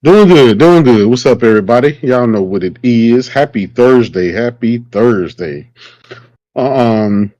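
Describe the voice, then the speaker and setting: A man with a Southern American accent on a gaming podcast panel, greeting everyone in a loud, easygoing way. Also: medium pitch, lively intonation, a little slow, no room sound. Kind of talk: casual panel chat. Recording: dull lo-fi mic.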